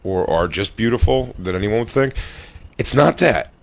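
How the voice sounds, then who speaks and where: A man's voice: lowish voice, animated, moderate pace, gravelly. A man in his forties telling a rambling, crude story in casual podcast chat, full of fillers and restarts. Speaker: podcast host.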